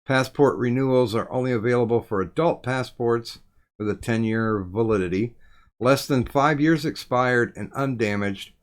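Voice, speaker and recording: A man hosting a casual live stream, reading viewer messages aloud and trailing off quietly at times. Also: mid-range voice, moderate pace. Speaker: stream host.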